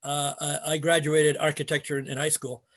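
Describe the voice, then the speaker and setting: A man's voice: fairly high pitch, little pitch movement, a little fast. An older man, a retired martial arts instructor, telling stories in a rambling casual way with many fillers and restarts. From Canada. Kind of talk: casual storytelling interview.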